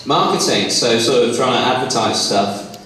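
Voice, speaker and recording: A man's voice: mid-range voice, lively intonation, normal speed, bright, forceful tone. A young man from Somerset doing self-deprecating stand-up and chatting with the crowd in a small comedy club. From Somerset, England. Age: young adult. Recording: echoey venue, mic heard from a distance.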